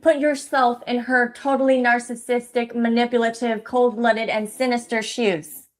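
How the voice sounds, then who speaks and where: A woman's voice: a little high, little pitch movement, normal speed, close to an everyday voice. A woman acting as a self-pitying mother in a comedy parody, mock-sobbing and sarcastic. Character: self-pitying mother of a young woman, fake-tearful and mocking. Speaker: actor in a parody sketch.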